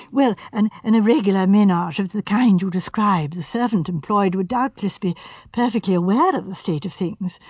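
A woman reading as a shrewd, gentle elderly spinster, talking softly with hesitant pauses. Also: medium pitch, slightly rough, no room sound, studio quality. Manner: soft, hesitant, musing.

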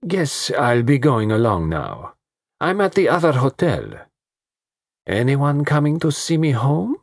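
A man's voice: medium pitch, very animated, measured pace, creaky, dry recording, studio quality, pitched above the performer's own voice, exaggerated voice. A man voicing a languid, bored young woman with a lazy, teasing drawl.

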